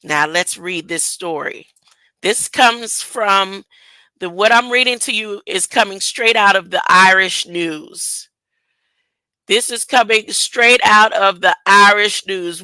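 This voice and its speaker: A woman's voice: medium pitch, bright, forceful tone, smooth, no echo, low-quality recording. A woman rambling through casual commentary and reading a news story aloud, tripping over words and laughing at herself. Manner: slow, drawn-out delivery. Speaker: online commentator.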